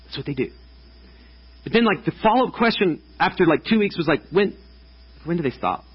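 Casual preacher in his thirties, chatty and loose, slightly raspy voice, dull lo-fi sound. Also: a little high, expressive, brisk. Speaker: pastor. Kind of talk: sermon. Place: church stage before a congregation.

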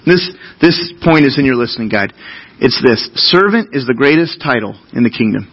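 A man's voice: mid-range voice, lively intonation, moderate pace, husky, dull audio. A man preaching a sermon as pastor, talking to the congregation in an earnest, conversational way and asking them questions.

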